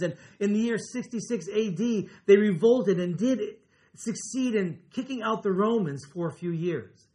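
Male pastor, high for a man, earnest sermon delivery, lingers on key words. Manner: earnest, slows and drops his voice on key words.

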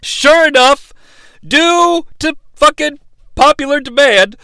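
A man hosting a comedic movie recap, talking in a profane, animated and sarcastic way. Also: very high voice, slow, dry recording. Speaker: host.

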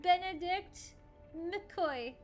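This is a flustered young French nurse, put on by a woman in a tabletop game. Her put-on French accent sits on a high voice, and she leans into every worry with theatrical flair. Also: drawn-out words, faint music behind, full character voice. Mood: panicked. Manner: dramatic, excitable, sprinkles French words. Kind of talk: tabletop role-play.

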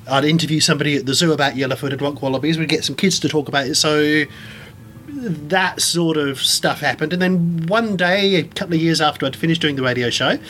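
Enthusiastic male guest, fairly high voice, lively storyteller, faint hiss behind. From England. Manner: animated, enthusiastic, many restarts. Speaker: guest, science communicator and performer. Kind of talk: casual storytelling interview.

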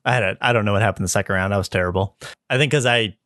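A man hosting, recapping a board game in a relaxed, self-deprecating way and laughing often. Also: lowish voice, rapid-fire, no room sound, studio quality. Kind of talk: casual chat.

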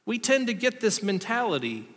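A man's voice: sits high, big pitch swings, normal speed, fairly bright tone, breathy edge, big-room sound. A man in his thirties preaching a sermon, telling a story about himself and acting out the quotes in it. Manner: storytelling, self-deprecating, acts out quotes. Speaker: pastor.

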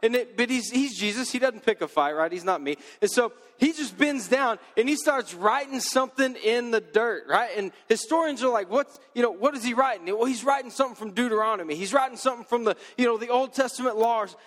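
A male pastor preaching a sermon in a casual, joking, lively way. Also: very high-pitched, brisk, hardly any pauses, big-room sound.

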